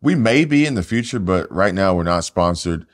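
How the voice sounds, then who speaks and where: Deep-voiced man rambling casually. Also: lively intonation, normal speed. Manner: rambling, jokey, many fillers. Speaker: podcast co-host. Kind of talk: casual podcast chat. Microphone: no studio microphones.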